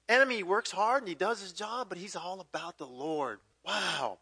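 Bright-voiced man in his fifties preaching. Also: high voice, normal speed, hardly any pauses, husky, no room sound. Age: 50s. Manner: conversational, jumps into loud acted quotes then drops to quiet emphasis. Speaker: pastor. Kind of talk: sermon.

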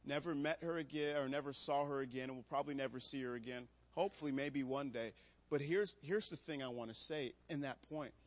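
A man, a pastor, preaching a sermon to a room, moving between loud emphatic preaching and quiet storytelling. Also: medium pitch, fairly quick. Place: church room.

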